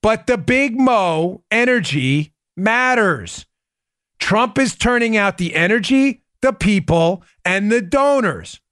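A man hosting a political commentary podcast, talking in an animated, emphatic way and hammering home key phrases. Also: high voice, slow, no room sound, studio quality. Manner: addresses listeners as "folks". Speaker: podcast host.

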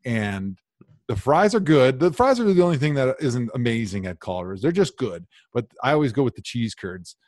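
A man from Wisconsin co-hosts a casual sports podcast. He tells his stories with animated, playful mock outrage. His voice sits close and dry on the mic, with no room sound. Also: mid-range voice, moderate pace, dry recording. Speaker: podcast co-host.

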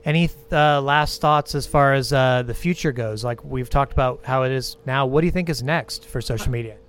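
A man hosting an interview podcast, relaxed and chatty, poking fun at himself. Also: medium pitch, normal speed, slight background noise. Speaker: podcast host.

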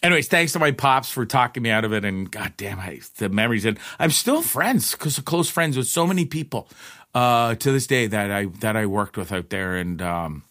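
A man's voice: lowish voice, animated, normal speed, fairly bright tone. A man telling rambling personal stories in a casual, profane way, laughing often. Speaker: storyteller.

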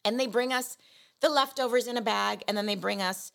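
A woman co-host telling a lively story in casual chat, acting out the voices of people in it with self-mocking humor. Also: on the high side, brisk, gravelly. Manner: animated, acts out voices of people in her story.

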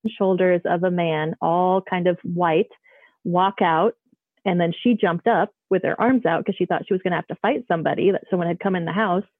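A woman's voice: on the low side, no echo. A woman calling in to tell a story in a rambling, casual way, full of fillers and restarts. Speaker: caller. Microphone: phone call. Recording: tinny dry phone line.

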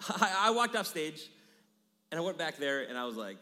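A man in his thirties preaching a sermon in a church, energetic, repeating key phrases and dropping into hushed asides. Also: fairly high pitch, a little slow, pauses often. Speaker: pastor. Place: church sanctuary. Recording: long hall reverb.

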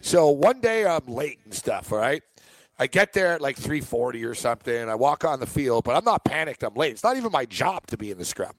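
A man hosting a sports podcast, telling stories in an animated, chatty way and laughing along. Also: mid-range voice, fairly quick, dry recording. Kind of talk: casual sports chat.

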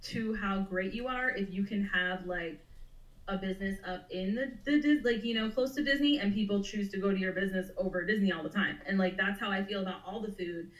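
A woman's voice: mid-range voice, a little fast, reverberant, recorded from a distance, rough recording. A woman co-hosting a podcast, chatting casually with constant "like" fillers. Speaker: podcast co-host.

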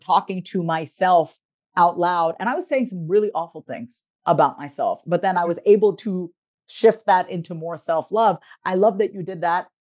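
A woman, a therapist and author, speaking as a podcast guest and explaining her ideas in a steady, reflective, teaching way. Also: fairly low pitch. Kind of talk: casual interview talk.

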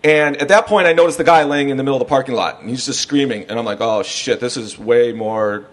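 A man's voice: mid-range voice, quick pace. A man guesting on a podcast, telling a wild story in a rambling, profane way and often laughing through it. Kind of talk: casual storytelling.

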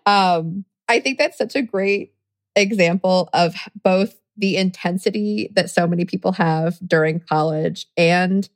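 A woman guest on an advice podcast, an epidemiologist, speaking in a thoughtful, measured way. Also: lowish voice. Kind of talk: casual chat.

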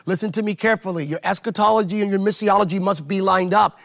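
A pastor preaching with fervor, his high voice carrying a gravelly edge. He hammers his points home by repeating phrases over and over, sermon-style, even in conversation. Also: fast, hardly any pauses. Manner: emphatic, repeats phrases for rhetorical effect.

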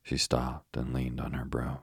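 A man narrating a children's storybook in a steady, measured reading. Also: rumbling low, vocal fry, slightly rough, no echo, studio quality. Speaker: audiobook narrator.

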